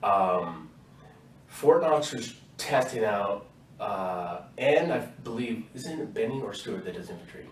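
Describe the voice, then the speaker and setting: A man talking as the guest in a casual podcast interview, telling lively stories from basic training and laughing often. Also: on the low side, a little slow, roomy sound, far from the mic, poor audio. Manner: animated storyteller, laughs often. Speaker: guest, army veteran.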